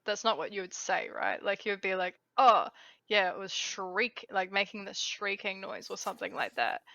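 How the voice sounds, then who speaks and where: A woman's voice: medium pitch, fairly even intonation, moderate pace, creaky, bright, forceful tone, no echo, lo-fi sound. A woman with a New Zealand accent co-hosting a podcast in casual chat, chatty with lots of fillers. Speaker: podcast co-host.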